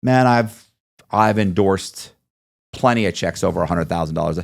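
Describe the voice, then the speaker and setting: A man with a somewhat low voice holds forth as an interview guest. He tells his story in long runs and acts out the voices of the people he quotes. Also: normal speed, gravelly.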